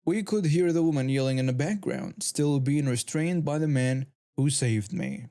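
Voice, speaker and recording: A man giving a steady, scripted first-person narration of a story. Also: on the high side, moderate pace, hardly any pauses.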